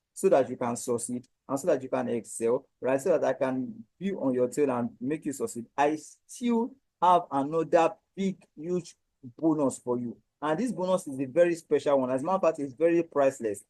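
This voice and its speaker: A man with a Nigerian accent giving a repetitive, emphatic sales pitch for his coaching program. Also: brisk, dark tone, dry recording, low-quality recording. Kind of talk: direct-to-camera sales pitch.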